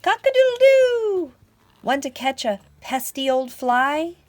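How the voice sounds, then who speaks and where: A woman voicing friendly farm animals in a storybook read-aloud, with loud, high, lively calls. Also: slow, a little hiss or hum, full character voice. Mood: playful.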